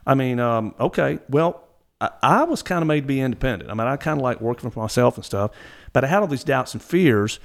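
A man's voice: mid-range voice, expressive, a little fast, vocal fry. A middle-aged man from Mississippi, telling stories as a guest, rambling with frequent restarts. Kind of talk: casual storytelling.

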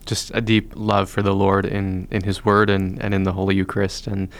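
Man, priest host, calm, measured, low, monotone. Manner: calm, measured, hesitant fillers. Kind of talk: interview questions.

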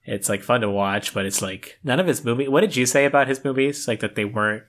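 A man's voice: mid-range voice, fast, fairly bright tone. A young adult man co-hosting a podcast, chatting in a laid-back, joking way about a film. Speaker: podcast co-host. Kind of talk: casual film chat.

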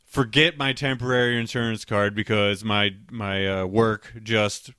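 Man, podcast co-host, rambling storyteller, bright crisp voice, dry close sound. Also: lowish voice, fairly even intonation, measured pace, no room sound. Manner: rambling, laughing, profane, restarts often. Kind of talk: casual storytelling chat.

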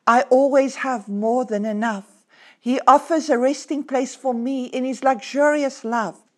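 Earnest woman pastor, high voice. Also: a little mellow. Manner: earnest, emphatic, slows down to stress words. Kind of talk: podcast sermon with scripture reading.

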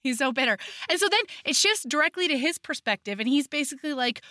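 A woman co-hosts a chatty book podcast, gushing over the story she recaps. Her voice is bright and fairly high, and the recording is dry and close. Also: lively intonation, fast talker, few pauses, dry recording. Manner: gushing and enthusiastic about the book. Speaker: podcast co-host. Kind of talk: casual book recap chat.

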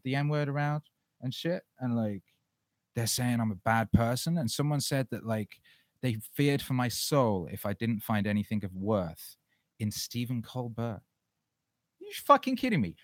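A man's voice: mid-range voice, no echo. A man hosting a casual livestream Q&A, talking in a profane, fired-up ranting way. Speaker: livestream host.

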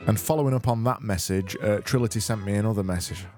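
A man's voice: on the low side, fast, darkish tone, faint music behind. A man hosting a casual solo podcast, rambling, self-mocking and sweary, on a close mic. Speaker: podcast host.

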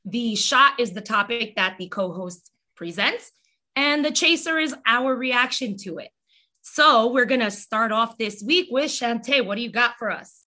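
A woman co-host with a crisp, bright voice guides the segment and laughs easily along with the others. She sits a little high in pitch and keeps a casual, chatty tone. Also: a little slow. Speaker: podcast co-host presenting a segment. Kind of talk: casual panel chat.

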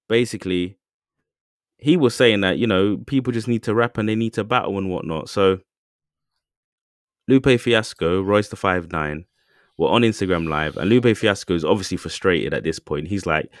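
A man's voice: sits low, moderate pace, no echo, studio quality. A man co-hosting a podcast, telling a story loosely with lots of fillers and asides. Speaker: podcast co-host. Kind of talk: casual chat.

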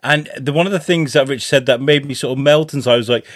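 Joking podcast co-host. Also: male voice, mid-range voice, fast, no room sound, clean studio sound. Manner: chatty, joking. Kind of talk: casual chat.

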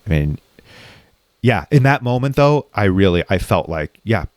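A man's voice: lowish voice, big pitch swings, normal speed, no room sound, studio quality. A man telling a personal story in conversation, raw and reflective, swearing freely as he talks. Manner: raw, reflective, frequently profane.

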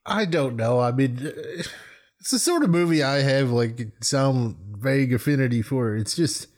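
A man's voice: medium pitch, lively intonation, normal speed, a little mellow. A man in casual podcast chat, talking about a movie in a wry, rambling, laid-back way.

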